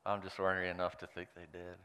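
A man preaching with a smooth, resonant voice, reading scripture and breaking off into playful, animated asides. His words hang in a long reverb from a church hall. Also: sits low, fast talker. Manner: playful, animated storyteller who jokes aside. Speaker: pastor.

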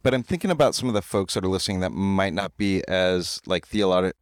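A man's voice: deep voice, a little fast, clean tone, no echo, studio quality. A middle-aged man hosting a podcast, chatty and joking, talking casually with a friend in an in-person recording setup. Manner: chatty, joking, self-deprecating. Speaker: podcast host.

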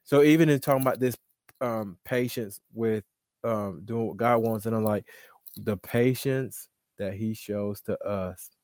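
A man in a casual faith discussion who thinks aloud in a reflective, easygoing way. His voice sits on the low side and the sound is dry and close, with no room around it. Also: measured pace, a little mellow, no room sound.

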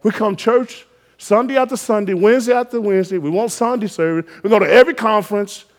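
Male preacher, high voice, fervent exhorting sermon delivery with loud peaks. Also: fast. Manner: exhorting, call-and-response rising to shouted emphasis.

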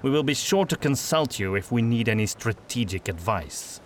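A man's voice: medium pitch, lively intonation, moderate pace, a little hiss or hum, natural voice. A man voicing a stern older male witch hunter master, curt, sarcastic and domineering.

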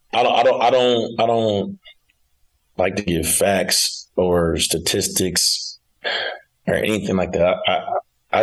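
A young man, a college basketball coach, tells his story in a relaxed interview. His voice sits deep and has a husky grain. He talks casually, stumbling and repeating words as he goes. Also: low-quality recording. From Arkansas, United States. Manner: casual, repeats and restarts often.

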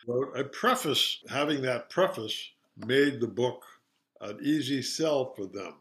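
Older man retelling a story, halting. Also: mid-range voice, animated, fairly bright tone. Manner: halting, with many fillers and restarts. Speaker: interview guest, son of a children's author. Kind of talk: casual storytelling in an interview.

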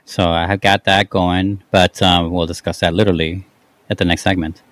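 A man with a lowish voice hosting a casual podcast, easygoing and a little wry. He steers the talk with questions. His voice sounds close and dry. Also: level tone, moderate pace, a bit bright, dry recording. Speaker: podcast host. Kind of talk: casual chat.

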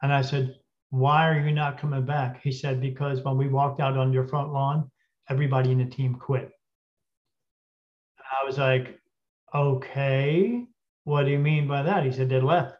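A man telling a story casually as a podcast guest, acting out the dialogue and often clearing his throat. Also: medium pitch, normal speed. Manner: animated retelling with quoted dialogue. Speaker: guest spirit medium. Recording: dull lo-fi audio.

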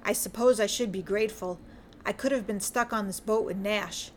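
A woman voicing a gruff, grumbling Scottish man adrift in a story, with a Scottish accent and self-mocking mutter. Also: medium pitch, normal speed, slight background noise, close to an everyday voice. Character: gruff Scottish male sea detective, grumbling. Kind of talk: audiobook character reading.

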